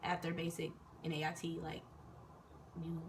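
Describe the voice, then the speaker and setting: A young woman and soldier telling stories in a casual, animated, profane and rambling chat, recorded indoors. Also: low-pitched, moderate pace. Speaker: vlogger and soldier. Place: indoors in Korea. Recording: distant mic with faint noise.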